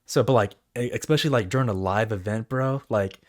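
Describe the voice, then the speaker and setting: Young male co-host, lowish voice, loose swearing chat style. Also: a little fast. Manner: relaxed, profane, rambling with many fillers. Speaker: podcast co-host. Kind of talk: casual chat.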